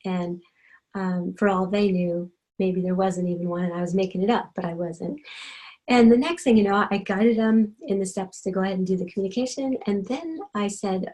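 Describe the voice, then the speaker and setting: A middle-aged woman, an animal communicator, telling her own story in a gentle, chatty way, full of ums and you-knows. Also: medium pitch, fairly even intonation, moderate pace, low-quality recording. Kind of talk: personal storytelling talk.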